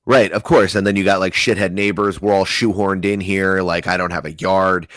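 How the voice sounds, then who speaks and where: A man from the New Jersey area, co-hosting a podcast in casual chat, full of profanity and animated storytelling. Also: sits low, moderate pace, no echo. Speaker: podcast co-host.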